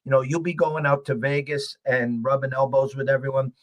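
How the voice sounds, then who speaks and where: Man, mid-pitched, chatty host, stammers into his sentences. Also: level tone, brisk. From United States. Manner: chatty, repeats words when starting sentences. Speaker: podcast host. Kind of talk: casual sports betting chat.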